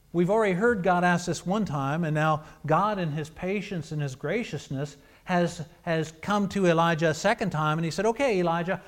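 A pastor delivers a sermon in a high, light male voice. He drops to near-hushed phrases, then rises to emphatic, forceful passages. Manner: preaching with swings between hushed and emphatic.

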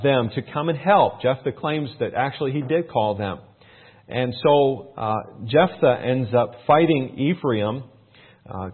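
A man teaching a Bible passage, reading the verses aloud with lifted emphasis, then explaining them in a relaxed, folksy way with plenty of fillers. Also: medium pitch, breathy edge. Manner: reads scripture louder and more raised, explains in a relaxed folksy way with fillers. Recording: tinny phone-like sound.

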